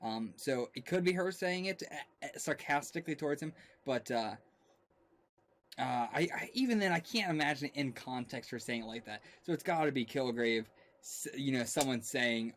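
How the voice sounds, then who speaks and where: A man's voice: medium pitch, lively intonation, moderate pace, a bit bright. A man hosting a casual reaction chat, rambling and thinking aloud as he talks. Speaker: reaction show host.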